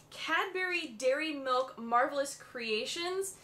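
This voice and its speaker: A woman from the USA chatting through an excited unboxing at home, gushing with frequent gasps and exclamations. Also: high voice, unhurried. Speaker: beauty vlogger. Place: home room with her dog nearby.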